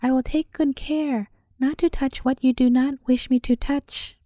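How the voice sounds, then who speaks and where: A woman voicing a gentle young princess who speaks softly in a storybook reading. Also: high-pitched, steady tone, measured pace, no room sound, clean studio sound. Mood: meek.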